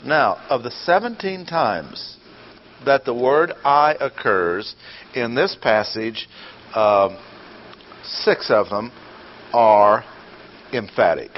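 A man teaching a Bible lesson in a deliberate, explanatory way, repeating his key points, on a dull lo-fi recording. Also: medium pitch, lively intonation.

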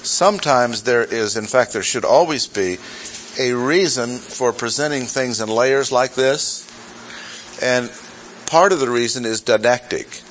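Here a preacher's mid-range, slightly bright voice moves at a measured pace as he teaches an expository sermon through a Bible chapter. He reads scripture aloud, stresses important words and corrects himself in passing asides. The low-quality recording carries a little hiss or hum.

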